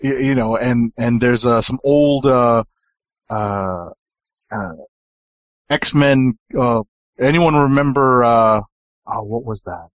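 A man's voice: medium pitch, slow, long pauses, no echo, dull audio. A man co-hosting a casual comic book podcast, talking with many fillers and restarts. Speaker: podcast co-host.

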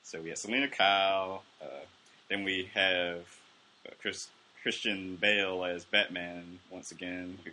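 Male podcast host, very low and sharp-toned, measured and guiding. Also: steady tone. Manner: steers the talk, measured. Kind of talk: casual movie discussion.

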